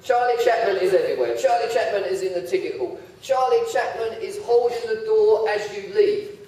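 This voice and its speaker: A man's voice: sits high, a little fast, darkish tone. A man giving a humorous sermon, telling self-deprecating stories about his own slip-ups. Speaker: preacher. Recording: very echoey hall, voice heard from far off.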